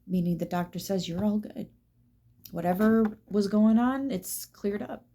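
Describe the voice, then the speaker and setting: A woman giving a tarot reading, emphatic and swearing, dropping now and then into soft whispers. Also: medium pitch, a little slow. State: teary at times. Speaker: tarot reader.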